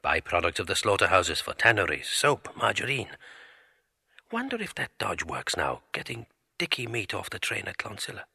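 Brief: a man playing a middle-aged man musing to himself, low and bright, clipped murmured fragments, audio drama monologue. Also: big pitch swings, moderate pace, vocal fry, slightly rough, no room sound, clean studio sound, heavily acted.

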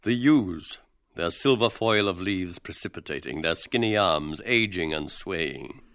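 A man's voice: deep voice, lively intonation, unhurried, fairly bright tone. A man giving scripted narration of the stage directions in a radio drama.

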